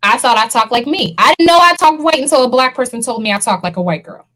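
A woman's voice: a little high, animated, fast, fairly bright tone, rough recording. A woman co-hosting a casual panel discussion, talking earnestly and laughing often. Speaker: podcast co-host.

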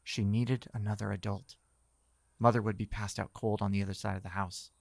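A man reading scripted horror narration in a measured, tense storytelling manner. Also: on the low side, flat delivery, creaky, darkish tone, dry recording, studio quality.

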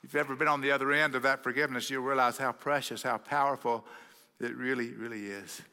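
A man's voice: medium pitch, fairly even intonation, a little fast, sharp tone. A man with a Texan accent, a pastor preaching a sermon, telling a story animatedly and acting out the quoted voices. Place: church sanctuary. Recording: long reverb of a church hall.

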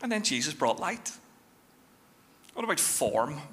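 Animated preacher man in a reverberant hall. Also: a little high. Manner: animated storytelling, shifting fast and slow. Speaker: pastor. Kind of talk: sermon.

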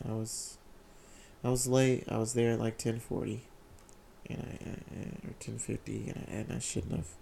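A young man candidly telling a personal story in casual slang, often halting and repeating his words. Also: lowish voice, flat delivery, vocal fry, dark tone, a little hiss or hum. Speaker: vlogger sharing a personal story.

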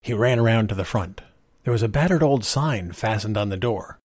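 Male storyteller, deep and animated delivery, close dry sound. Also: normal speed, breathy edge, dry recording. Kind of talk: storybook narration.

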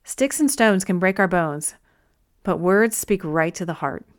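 Gentle woman reading an inspirational book. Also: lowish voice, lively intonation, measured pace. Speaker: narrator. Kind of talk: audiobook narration.

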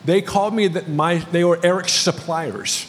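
A man's voice: high-pitched, moderate pace, a little hiss or hum. A male pastor preaching a sermon, telling a story with light humor. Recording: long reverb of a large hall.

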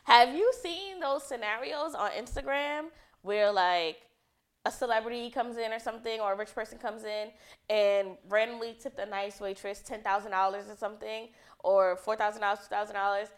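A young woman co-hosts a podcast, chatting casually in a blunt, emphatic way and swearing freely. Her mid-range voice has fairly even intonation at normal speed.

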